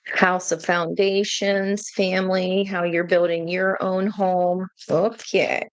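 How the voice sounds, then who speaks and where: Slow-talking, gravelly tarot reader woman. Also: on the low side, dry recording. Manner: excitable and chatty, with gushing exclamations. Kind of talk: casual tarot reading to viewers.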